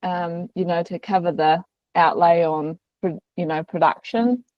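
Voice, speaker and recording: Brief: woman caller, low-ish voice, hesitant, dull lo-fi video-call audio. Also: steady tone, no echo. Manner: hesitant, halting. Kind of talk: asking a question in online Q&A. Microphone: video call with mic trouble.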